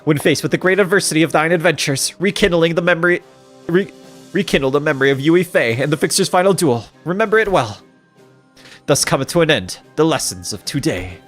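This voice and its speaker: Man putting on a heroic young woman knight, lofty archaic speech, lively swoops. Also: a little high, brisk, faint music behind, voice pushed up. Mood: grandiose. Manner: grandiose old-fashioned declaiming. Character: gallant archaic-speaking young female knight. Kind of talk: reading game dialogue aloud.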